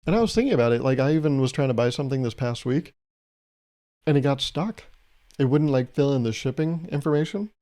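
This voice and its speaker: A man's voice: medium pitch, lively intonation, a little fast, warm tone. A young man hosting a solo podcast, talking in a loose, rambling, jokey way and chuckling at his own bits. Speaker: podcast host.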